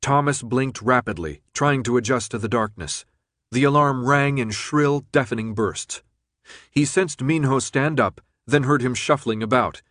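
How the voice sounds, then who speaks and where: A man narrates an audiobook in a steady, even storytelling voice of middling pitch. He is recorded close on a studio mic. The sound is dry, with no room echo. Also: unhurried. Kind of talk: scripted narration.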